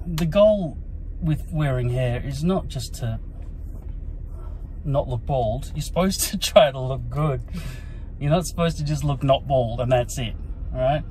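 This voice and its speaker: A man's voice: medium pitch, darkish tone, slight background noise, poor audio. An exhausted, sleep-deprived man, ranting profanely and putting himself down in a rambling self-recorded vlog on a handheld phone. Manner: profane, self-deprecating, mumbling asides. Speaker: vlogger.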